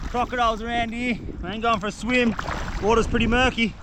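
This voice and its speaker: Excitable man, high voice, outdoors. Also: fast talker, noisy background. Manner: excited, breathless slang-filled chatter. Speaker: outdoor vlogger. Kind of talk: self-filmed outdoor vlog. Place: outdoors in mangroves by water. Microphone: handheld camera.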